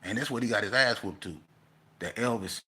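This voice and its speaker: A man telling a casual storytelling monologue, animated and profane, breaking into loud outbursts. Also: lowish voice, brisk, slight background noise. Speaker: vlogger telling stories.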